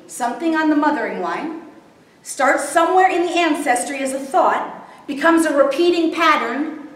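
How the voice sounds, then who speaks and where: A woman's voice: high voice, animated, normal speed. A woman giving a spiritual workshop talk to a live group, often checking that the audience follows. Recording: very echoey room, distant, faint noise.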